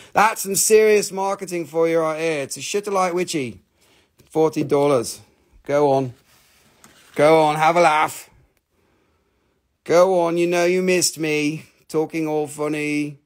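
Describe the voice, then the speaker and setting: A man with a somewhat high voice speaks a little slowly as he hosts a live stream selling crystals and minerals. His sales patter rambles along, full of jokes and playful crudeness.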